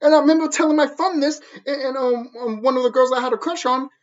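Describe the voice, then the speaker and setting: A man's voice: extremely high pitch, flat delivery, quick pace, dull audio. A man vlogging in an angry, profane monologue, repeating phrases over and over as he drives his point home. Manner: angry, repetitive, hammering the same phrases.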